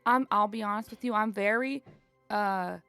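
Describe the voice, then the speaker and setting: In a dry recording with soft background music, a woman with a medium-pitched, pushed, bright, and smooth voice speaks at normal speed. As a player in a tabletop role-play, she voices a chatty, apologetic circus troupe leader who rambles and slips into a slight southern twang.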